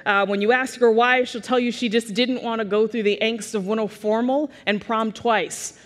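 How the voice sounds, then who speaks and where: Animated woman telling stories in a hall. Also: a little high, normal speed. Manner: animated, self-mocking, comic timing. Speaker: keynote speaker. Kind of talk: humorous personal storytelling speech.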